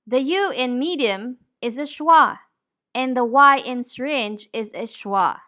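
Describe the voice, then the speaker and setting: A woman teaching English pronunciation, saying each word deliberately and clearly. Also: high-pitched, pushed and bright. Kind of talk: slow, careful pronunciation lesson.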